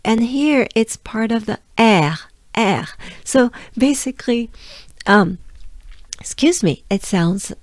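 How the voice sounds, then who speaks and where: A woman's voice: on the high side, animated, takes it slowly, dry recording, studio quality. A woman from France with a French accent, teaching pronunciation patiently and drilling sounds, her voice a little strained. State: losing her voice. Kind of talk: slow pronunciation lesson with repetition.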